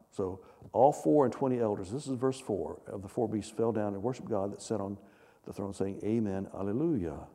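A man preaches a sermon, reading scripture aloud with swelling emphasis and turning to his listeners with questions. His voice sits low and sounds dark and mellow. It rings with the long reverb of a large hall. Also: moderate pace. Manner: reads scripture aloud with rising emphasis, asks the congregation questions. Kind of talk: sermon, Bible teaching.

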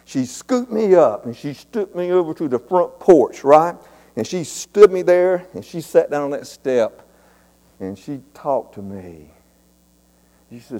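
A man's voice: a little high, very animated, unhurried, dark tone. A man, preaching a sermon in a folksy, earnest way and often repeating his words. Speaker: pastor. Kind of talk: sermon storytelling. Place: church sanctuary. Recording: long church reverb.

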